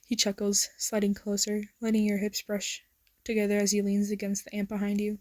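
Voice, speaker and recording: A young woman narrating a second-person romance story in a soft, intimate voice that slips into whispers. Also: medium pitch, monotone, fairly quick, no room sound. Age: young adult. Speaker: fan fiction narrator.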